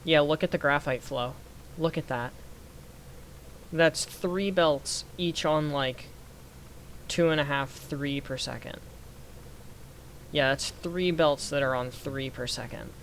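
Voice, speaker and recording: A young man giving casual gameplay commentary, thinking aloud through numbers and getting excited when things work. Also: a little high, slow pace, long pauses. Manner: excited bursts. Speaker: gaming youtuber. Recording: faint background noise.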